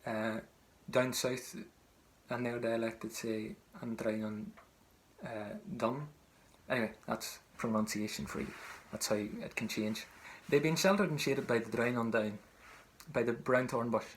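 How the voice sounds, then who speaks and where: A man's voice: medium pitch, fairly even intonation, normal speed. A man teaching a traditional song, speaking patiently and repeating each phrase for learners to sing back. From Ireland. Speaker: singing teacher. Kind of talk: online singing lesson.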